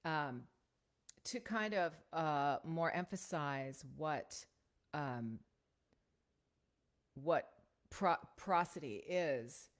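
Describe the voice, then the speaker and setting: A woman teaching voiceover technique in a casual, conversational way, often checking in with a quick "right?". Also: low-pitched. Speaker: voiceover coach.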